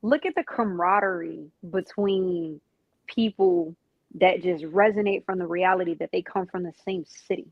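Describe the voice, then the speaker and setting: A woman's voice: on the low side, normal speed, no room sound, lo-fi sound. A woman hosting a casual conversation, emphatic and agreeable, speaking in a slangy way. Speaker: podcast host.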